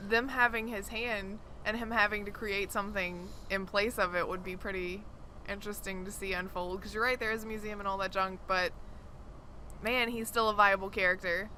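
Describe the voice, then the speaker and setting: A woman co-hosting a podcast in casual chat, animated and quick to laugh. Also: medium pitch, a little hiss or hum. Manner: animated, laughs often, talks in bursts. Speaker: podcast co-host.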